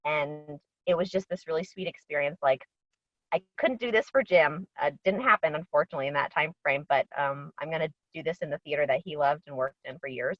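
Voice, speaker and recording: A woman, an actress, talks in a chatty, bubbly way on a video call, her voice a bit low for a woman. The audio is dull and lo-fi, and the room sounds dry and close. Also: no echo. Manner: chatty and bubbly, with frequent ums and laughs. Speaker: actress guest. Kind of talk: casual interview chat.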